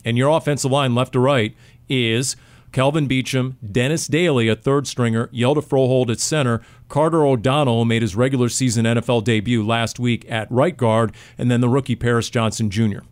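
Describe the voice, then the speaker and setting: A man co-hosting a sports podcast, telling animated stories and joking with his co-hosts in casual chat. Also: mid-range voice, normal speed. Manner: animated storyteller, jokey. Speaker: podcast co-host.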